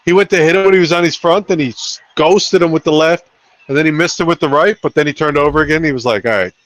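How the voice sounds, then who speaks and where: Profane, animated man telling stories. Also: fairly high pitch, quick pace. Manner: animated storytelling, swears a lot, acts out quotes. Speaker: co-host of a live fight betting stream. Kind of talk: casual profane banter.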